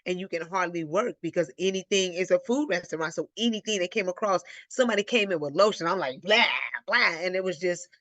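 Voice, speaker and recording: A woman from Illinois hosting a live Q&A, telling a personal story in a casual, animated way and acting out the voices she quotes. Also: on the low side, fast talker, hardly any pauses, no echo. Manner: animated, acts out quoted voices, addresses listeners as y'all. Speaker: host of a live Q&A.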